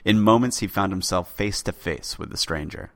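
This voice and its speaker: A man's voice: deep voice, moderate pace, creaky, a bit bright, no room sound. A man hosting a podcast, telling an old legend in a dramatic read-aloud style. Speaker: podcast host narrator. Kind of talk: storytelling narration.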